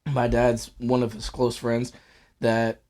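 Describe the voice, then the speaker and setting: A man's voice: medium pitch, monotone, slow pace, darkish tone. A man co-hosting a casual chat, rambling with many fillers as he tells stories. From New Hampshire. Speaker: co-host.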